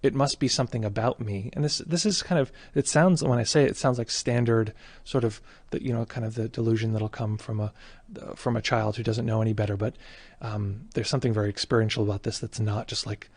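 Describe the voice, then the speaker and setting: A man, a meditation teacher, giving a halting, reflective account of a personal experience, with many fillers and restarts. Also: lowish voice, fairly even intonation, a little mellow, breathy edge, dry recording.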